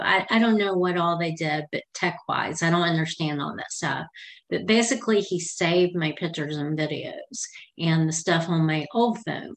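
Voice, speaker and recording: A middle-aged woman with a slightly low voice recounts a personal story. She talks in a chatty, meandering and heartfelt way, like a podcast host speaking straight to her listeners. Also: a bit bright.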